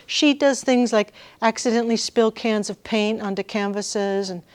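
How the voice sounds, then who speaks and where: A woman giving a workshop lecture to music students, lively and engaging the audience with questions. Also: on the high side, normal speed, clear, resonant tone, no echo. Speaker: guest lecturer.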